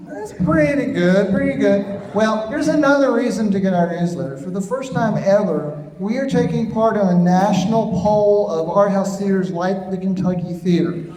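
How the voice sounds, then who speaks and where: High-voiced man announcing in an echoey hall. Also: dark tone. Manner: brisk housekeeping announcements with ums. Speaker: theater staff host. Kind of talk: live stage announcements. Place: large theater hall.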